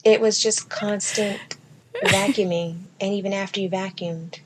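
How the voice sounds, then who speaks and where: A woman host spins a comedic story in casual chat. She swears freely and talks with sass. Her delivery is animated, and her pitch sits in the middle. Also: a little slow, noisy background. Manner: profane, animated, sassy delivery with mocking baby-talk impressions. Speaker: podcast host.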